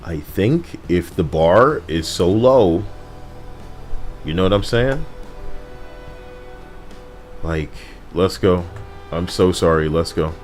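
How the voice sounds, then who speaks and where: A man's voice: low voice, expressive, slow pace, long pauses, soft background music. A young man casually commenting on a game stream, rambling and talking to his chat. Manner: rambling, apologetic, talks to chat.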